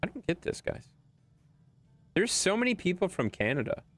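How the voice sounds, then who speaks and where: A male game streamer from Wisconsin talks to his viewers as he plays. He is blunt, swears freely and argues with chat. His voice is animated and swings widely in pitch. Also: normal speed.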